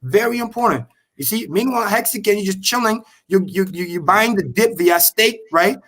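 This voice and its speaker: Excitable, profane man on a crypto stream. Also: sits high. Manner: excitable, profane, repeats points slowly for emphasis. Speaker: crypto show guest. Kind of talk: animated livestream explanation.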